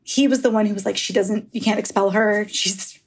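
A woman's voice: medium pitch, fairly even intonation, fairly quick, slightly rough. A woman author in a candid podcast interview, talking frankly and rambling through stories with easy laughs and the odd swear. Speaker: author guest.

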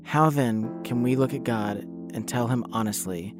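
A man from the United States giving calm, reflective devotional narration. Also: mid-range voice, moderate pace. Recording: voice-over over clear guitar music.

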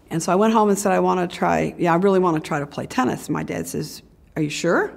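Older american woman, gravelly and husky, lively motivational storyteller. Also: fairly low pitch, fast talker. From United States. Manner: animated storytelling, acting out voices of family. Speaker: former tennis champion telling her story.

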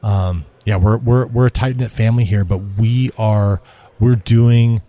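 A man's voice: on the low side, steady tone, unhurried, warm tone. A man who runs a restaurant tech company, talking in a casual interview, rambling and repeating himself, often tagging "right?".

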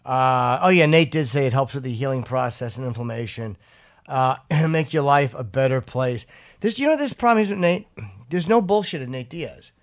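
Rambling, profane talk-show host. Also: male voice, mid-range voice, lively intonation, moderate pace. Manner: rambling, profane, restarts often. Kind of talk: casual chat and live ad read.

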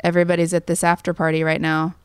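A woman's voice: on the low side, monotone, quick pace, clean tone, no room sound. A woman in her thirties, a songwriter guest, telling a personal story in a rambling way with lots of fillers. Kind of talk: conversational storytelling.

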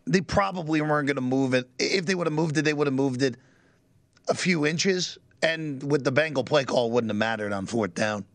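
A man co-hosting a sports talk show, giving short, measured opinions with hesitant starts. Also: medium pitch, a bit bright, dry recording. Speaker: co-host.

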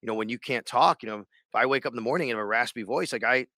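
A man's voice: mid-range voice, rapid-fire, pushed and bright, dry recording, studio quality. A man co-hosting a sports podcast in casual chat, rambling and restarting his sentences. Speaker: radio sports show co-host.

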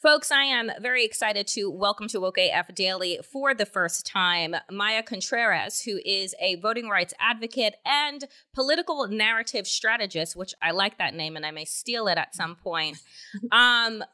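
A woman's voice: mid-range voice, moderate pace, sharp tone. Fired-up woman podcast host. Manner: angry, emphatic, rhetorical questions. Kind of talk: opinionated political commentary with profanity.

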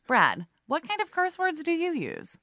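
Woman, podcast co-host, blunt and joking, lively low bright voice, dry. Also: a little slow, no echo. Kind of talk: casual chat.

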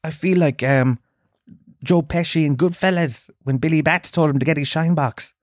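Guy hosting his own podcast, swears a lot and rants, voice gets loud and high when he's worked up, dry close mic. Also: moderate pace, no echo. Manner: profane, ranting, animated. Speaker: podcast host. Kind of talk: comic storytelling monologue.

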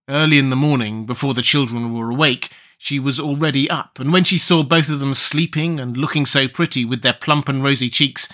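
A man narrating a fairy tale in a measured, expressive storybook reading. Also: medium pitch.

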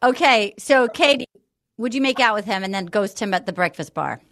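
A woman hosting a podcast, telling gossip in an animated, chatty way. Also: mid-range voice, fairly quick. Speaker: podcast host. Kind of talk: casual chat recapping a reality show.

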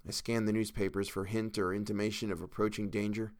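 A man reading a first-person tale aloud in a measured, earnest storytelling manner. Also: on the low side, level tone, darkish tone, dry recording, studio quality. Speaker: audiobook reader. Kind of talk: first-person audiobook narration.

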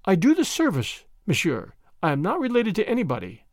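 A man voicing a young French maid who speaks soft, broken English with a French accent, timid and hesitant. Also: sits high, wildly swooping pitch, fairly quick, no echo, clean studio sound, pitched above the performer's own voice, exaggerated voice. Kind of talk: audiobook character voice.

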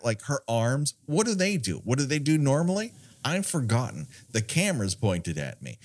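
A man co-hosting a podcast, riffing on a movie in a wry, sarcastic way and laughing often. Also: medium pitch. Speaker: podcast co-host. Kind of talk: casual movie riffing chat.

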